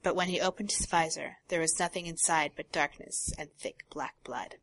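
Woman reading aloud in a low voice. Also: moderate pace. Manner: reads prose steadily, drops to quiet asides. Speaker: podcast co-host. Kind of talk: casual chat and reading aloud from a novel.

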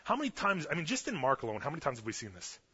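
A young man preaching a casual storytelling sermon, chatty and animated, loudly acting out the quotes. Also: on the high side, very fast, husky. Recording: muffled lo-fi sermon recording.

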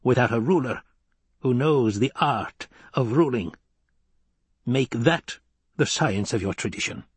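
A man puts on an ancient, stern Reverend Mother who speaks slowly and gravely, as if handing down law. The voice is husky and sits close and dry. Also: mid-range voice, animated, no echo. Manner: slow, grave, commanding pronouncements.

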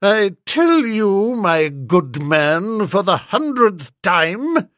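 A man's voice: high-pitched, sing-song, unhurried, no room sound, clean studio sound, pitched above the performer's own voice, full character voice. A man voicing a domineering older aunt who snaps and talks down to everyone in a haughty way. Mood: shouting. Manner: loud, snapping, haughty.

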